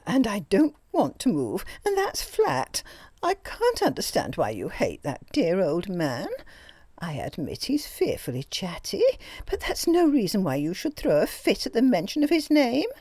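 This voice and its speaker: A woman putting on a shrill, stubborn young secretary. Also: huge pitch swings, unhurried, darkish tone, breathy edge, no echo, exaggerated voice. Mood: defiant. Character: timid young female secretary turned defiant. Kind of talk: audiobook character voice.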